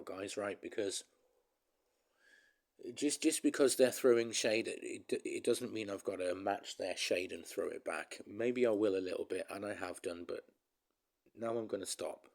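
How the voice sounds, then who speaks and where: A man's voice: low-pitched, vocal fry. A man ranting casually to his viewers in a vlog, rambling and emphatic, often calling them guys. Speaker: vlogger.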